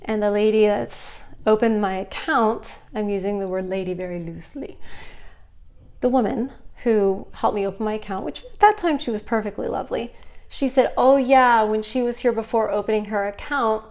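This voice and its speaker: A young woman talks straight to camera in an easy, chatty vlog. She tells a personal story with animated energy and slips into quick impressions of the people in it. Her voice sits at an ordinary middle pitch. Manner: animated, acts out other people's lines in the story. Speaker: vlogger. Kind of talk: casual storytelling monologue.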